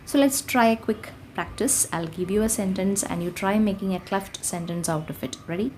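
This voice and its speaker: A woman's voice: medium pitch, normal speed, darkish tone, slight background noise. A woman teaching an online grammar class, explaining patiently and reading out example sentences.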